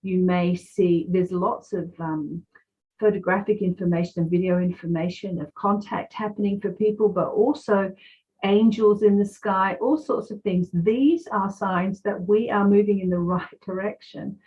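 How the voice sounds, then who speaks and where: A woman guest giving spiritual guidance over a video call, slow, measured and emphatic. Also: mid-range voice, fairly even intonation, darkish tone. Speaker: guest psychic. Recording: dull, slightly lo-fi.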